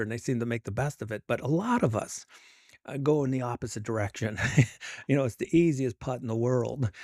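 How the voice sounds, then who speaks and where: A man's voice: mid-range voice, vocal fry, darkish tone, no echo, studio quality. A middle-aged man, an author being interviewed, talking in a chatty, self-amused way with lots of fillers. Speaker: author and guest. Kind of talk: casual interview conversation.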